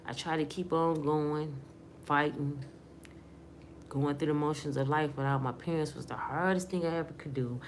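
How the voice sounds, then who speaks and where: Woman, from Michigan, middle-aged, deep voice, earnest personal testimony, casual talk. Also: fairly even intonation, moderate pace, a little hiss or hum. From Michigan, USA. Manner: earnest, emotional, conversational with casual grammar. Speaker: woman sharing her testimony.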